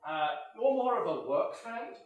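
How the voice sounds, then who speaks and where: A short, clean-shaven peasant courtier, deferential and flustered, as a man improvises him. His voice is high and lively, swinging up and down. It is heard from far off in a roomy theater, with an audience laughing behind. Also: moderate pace, narrow, tinny audio, crowd noise. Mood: awkward. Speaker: improv comedian. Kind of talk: live improv scene. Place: small improv theater stage.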